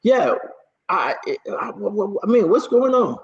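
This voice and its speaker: A man's voice: high voice, very animated, slow, vocal fry, highs cut off. Teasing Liberian man hosting a talk show. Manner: teasing, pushy questioning with many restarts. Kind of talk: casual political talk show.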